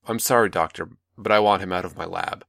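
A man voicing a sharp-tempered woman scientist, brisk and defensive, in a dry close recording. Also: low-pitched, creaky, no room sound. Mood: curt.

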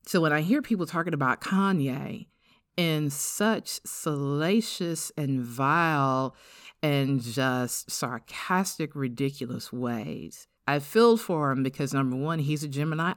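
Earnest middle-aged woman, smooth dry voice. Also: deep voice, no room sound. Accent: African-American English. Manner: earnest, reflective, slows to stress key words. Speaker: podcast host. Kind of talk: personal testimony podcast.

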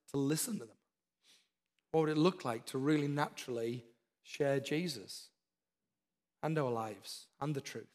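A man's voice: medium pitch, a little mellow. A man preaching a sermon, with earnest, repeated exhortations. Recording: long hall reverb.

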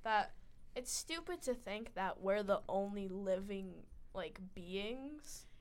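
A woman's voice: medium pitch, animated, slow. A teenage girl co-hosting a casual radio chat, rambling and giggly with lots of fillers. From United States. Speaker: co-host.

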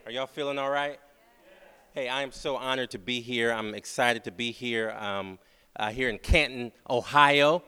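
A man delivering a sermon as a guest speaker, repeating his phrases and checking in with the crowd by asking "right?", slowing down when reciting prayer. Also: mid-range voice, bright, forceful tone, smooth. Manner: slow, drawn-out prayer recitation. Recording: long hall reverb.

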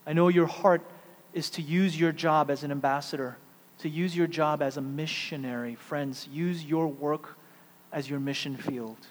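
A middle-aged man preaching a sermon, shifting between loud emphatic peaks and hushed, quiet stretches. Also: a little high, steady tone, normal speed. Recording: long hall reverb, faint mains hum.

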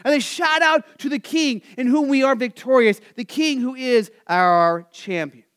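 A man, a Lutheran pastor, preaching a sermon in a conversational way, with lots of "you know" asides, and lifting into energetic emphasis. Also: very high voice, measured pace, smooth. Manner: rises to excited, energetic emphasis.

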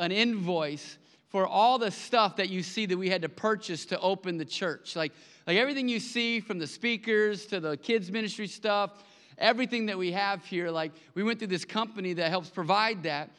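A man preaching a sermon to his congregation, conversational and animated, telling stories with acted-out quotes. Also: sits high, moderate pace, clear, resonant tone. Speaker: pastor. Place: church sanctuary. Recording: long hall reverb.

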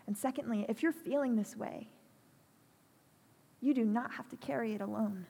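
Husky-voiced woman preaching in a reverberant hall. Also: fairly high pitch, dark tone. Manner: earnest, pastoral, slow and deliberate. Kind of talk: sermon. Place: church hall.

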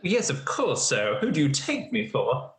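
A woman's voice: deep voice, sing-song, measured pace. A woman putting on a posh, haughty lady who speaks with lofty airs and calls people darling. She sounds like she is in a roomy, echoey space, playing a character in a tabletop horror game. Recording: roomy echo.

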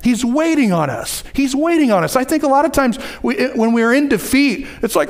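A man preaching a sermon, lively, with asides and repeated phrases. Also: very high voice, normal speed. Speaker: pastor.

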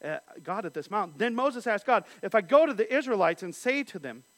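High-voiced man teaching a Bible study. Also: big pitch swings, brisk, fairly bright tone, no room sound. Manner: reads scripture aloud, then explains it.

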